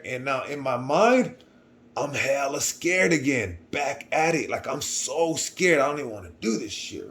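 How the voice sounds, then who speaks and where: A young man telling a personal story in casual slang, animated, acting out other people's voices and often trailing off quietly. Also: medium pitch.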